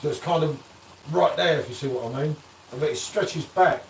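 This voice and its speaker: A man's voice: on the high side, normal speed, vocal fry, slight background noise. A man hosting a casual live beer-review stream, bantering and reading out viewer comments. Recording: echoey room, distant from the mic.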